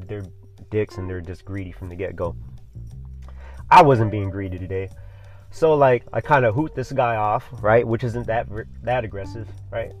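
Profane, rambling surfer-bro podcast host. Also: male voice, medium pitch. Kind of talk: casual solo podcast monologue.

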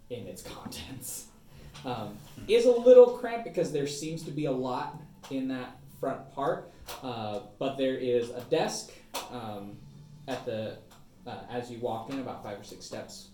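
A man's voice: medium pitch, mellow. A man from Minnesota narrating as game master, rambling with many fillers and restarts and laughing often. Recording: roomy echo, mic at a distance, faint music.

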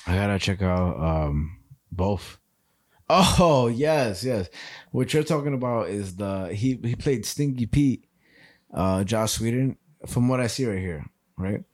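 A man co-hosting a podcast, chatting casually and telling stories in a loose, profane, animated way. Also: on the low side, slow pace, no room sound, studio quality. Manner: animated, profane storytelling with frequent laughs. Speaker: podcast co-host. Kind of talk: casual chat.

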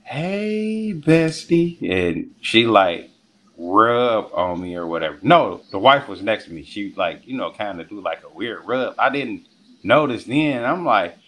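A young man casually telling a story on a podcast, animated and profane, acting out what people said. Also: on the low side, a little slow. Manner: animated, acts out quotes, profane. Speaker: podcast guest.

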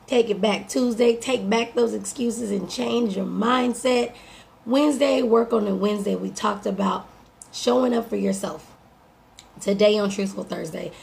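A woman life coach giving an upbeat, direct motivational morning talk to her listeners, her voice a little hoarse. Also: medium pitch, a little mellow. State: slightly hoarse. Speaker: life coach and podcast host.

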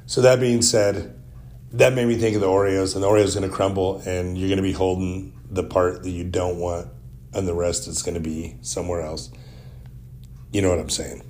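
A man's voice: low-pitched, little pitch movement, normal speed, darkish tone, slight background noise. A man hosting a solo podcast, telling stories in a rambling, wry and joking way. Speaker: podcast host. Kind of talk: casual solo podcast monologue.

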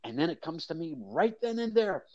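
Older male guest, animated raconteur, very lively pitch, dry lo-fi sound. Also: fairly quick, no echo. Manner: animated storyteller, acts out crowd voices. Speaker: guest, mascot performer. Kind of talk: storytelling interview.

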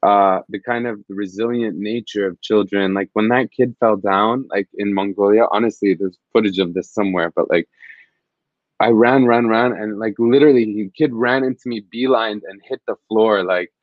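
Earnest, low-voiced male reporter. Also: steady tone, normal speed, dry recording, narrow, tinny audio. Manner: earnest, reflective, rambling storyteller. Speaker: field reporter, interview guest. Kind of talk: conversational interview storytelling.

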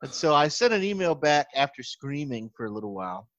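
Animated man telling a story. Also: a little high, a little fast, no room sound. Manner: animated storytelling, frequent laughter and self-restarts. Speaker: pastor and podcast co-host. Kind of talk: casual chat. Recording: slightly muffled, dry recording.

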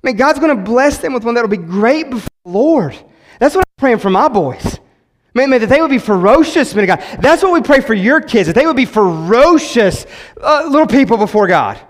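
A man, preaching a sermon in an animated way, repeating words and acting out quotes. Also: very high-pitched, fairly quick. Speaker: pastor. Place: church sanctuary. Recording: long hall reverb.

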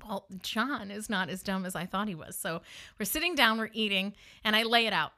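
A woman hosting a podcast, telling a personal story in an animated, self-mocking way and acting out the dialogue. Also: mid-range voice, brisk. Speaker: podcast host.

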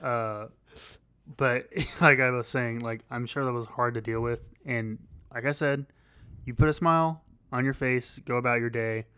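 A man co-hosting a podcast in casual chat, rambling and halting with many fillers and restarts. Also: mid-range voice, fairly even intonation, bright, forceful tone, smooth. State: losing his voice. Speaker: podcast co-host.

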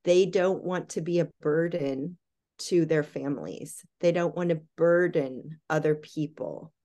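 An older woman speaks as a podcast guest, earnest and reflective. Her voice sits low for a woman. She works through her ideas in lists of questions. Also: expressive, measured pace, mellow. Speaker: guest, boy advocate and parenting educator. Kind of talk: conversational podcast interview.

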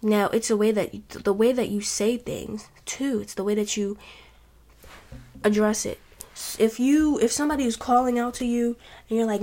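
A woman's voice: a little high, fairly even intonation, moderate pace, dark tone. Earnest woman giving heartfelt advice. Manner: earnest, heartfelt, rambling with restarts. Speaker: podcast host. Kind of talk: casual advice talk. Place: home with family noise nearby.

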